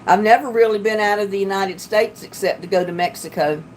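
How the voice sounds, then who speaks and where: A woman's voice: mid-range voice, fairly quick, a little hiss or hum. A woman from North Carolina with a Southern accent, chatting casually and telling rambling stories as she hosts a livestream. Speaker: livestream host.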